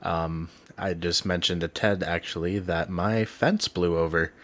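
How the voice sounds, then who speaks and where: Rambling, low-voiced podcast host man. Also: steady tone, a little slow, fairly bright tone. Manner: rambling storyteller, heavy on "um", "like" and "right?". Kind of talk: casual podcast chat.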